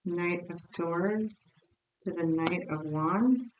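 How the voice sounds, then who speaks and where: A lower-voiced woman reads tarot cards in a blunt, chatty manner and circles back to the same points again and again. The sound bounces around a roomy space, she sits some way from the mic, and faint noise hums underneath. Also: drawn-out words, far from the mic. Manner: blunt, chatty, repeats herself. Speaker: tarot reader. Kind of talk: tarot card reading.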